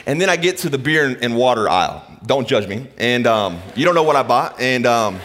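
A middle-aged man preaching a sermon, telling stories and moving from hushed lines to emphatic ones. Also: mid-range voice, very animated, normal speed, a little hiss or hum. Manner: storytelling, swings from hushed to emphatic. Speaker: pastor.

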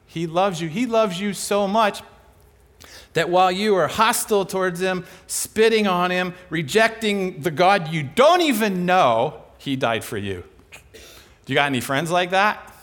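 Animated man preaching with lively pitch. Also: measured pace. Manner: animated, conversational, rhetorical questions. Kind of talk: sermon.

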